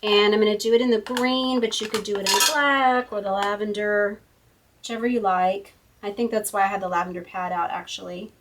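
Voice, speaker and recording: A woman's voice: mid-range voice, fairly even intonation, fairly quick, far from the mic, slight background noise. A woman hosting a casual card-making tutorial at her craft table, chatty and thinking aloud as she works. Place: home craft room.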